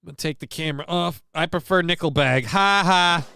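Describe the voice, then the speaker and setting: A man's voice: fairly high pitch, a little fast, vocal fry, sharp tone, soft background music. A man hosting a livestream, chatting casually, cracking crude jokes and reading chat aloud. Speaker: livestream host.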